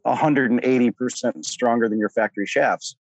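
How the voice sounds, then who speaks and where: A man's voice: medium pitch, brisk, vocal fry, no room sound. A man in casual podcast chat, explaining with enthusiasm and a light, teasing tone. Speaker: podcast co-host.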